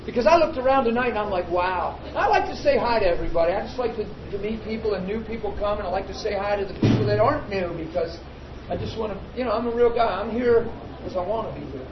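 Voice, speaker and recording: A man's voice: sits high, fast, background noise. A man preaching an informal sermon to his congregation, chatty and joking with them. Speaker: pastor. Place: meeting room with a congregation. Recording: roomy, dull sound with crowd behind.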